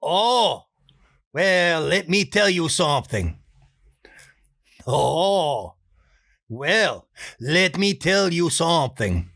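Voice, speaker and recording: A man's voice: on the high side, very animated, very slow, gravelly, pauses often, a bit bright, voice pushed up, exaggerated voice. A man voicing a sly, emphatic man with a put-on Spanish accent.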